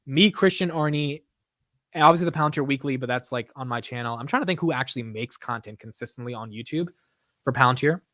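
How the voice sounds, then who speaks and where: A man's voice: medium pitch, fast talker, fairly bright tone, no room sound, clean studio sound. A young man hosting a casual late-night livestream, chatting in laid-back slangy banter and laughing often. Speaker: livestream host.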